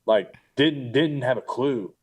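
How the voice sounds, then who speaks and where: A teenage man speaking as an interview guest, telling relaxed stories with fillers and restarts. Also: mid-range voice, slow. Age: teens. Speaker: guest, pro baseball player. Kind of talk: casual interview chat.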